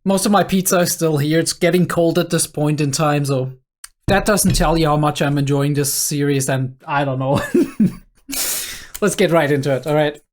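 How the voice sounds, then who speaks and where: A man's voice: on the high side, steady tone, moderate pace. A young man hosting a reaction video, talking casually and rambling with lots of fillers and chuckles. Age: young adult.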